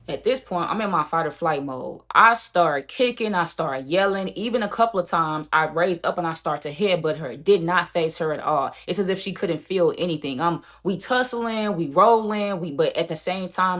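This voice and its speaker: A woman vlogger telling a dramatic personal story in an animated storytime style. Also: low-pitched. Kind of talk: storytime vlog.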